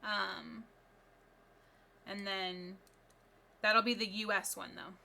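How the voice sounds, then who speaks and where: Chatty bright-voiced woman streamer. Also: medium pitch, level tone, slow, vocal fry. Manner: chatty, upbeat, talks to viewers. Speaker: live streamer. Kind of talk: casual live-stream chat while building.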